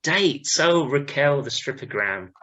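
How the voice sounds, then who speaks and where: Lively, bright-voiced male podcast host. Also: medium pitch, unhurried, muffled recording. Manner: upbeat, prompts the others. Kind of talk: casual chat.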